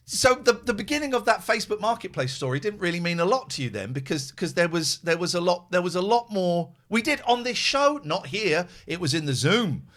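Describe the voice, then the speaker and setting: A man's voice: high-pitched, fairly bright tone. A man hosting a podcast, telling exasperated, rambling anecdotes in casual chat. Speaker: podcast host.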